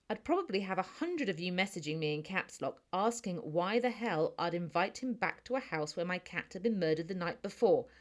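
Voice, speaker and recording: A woman with a British accent narrating a first-person audiobook in a chatty, snarky, conversational manner. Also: medium pitch.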